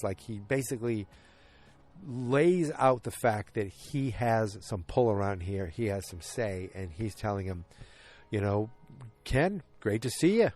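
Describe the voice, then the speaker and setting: A man hosting a solo podcast, recapping episodes in a loose, rambling way and often correcting himself mid-sentence. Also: on the low side. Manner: rambling, frequent self-corrections and restarts; animated when retelling scenes. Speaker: podcast host.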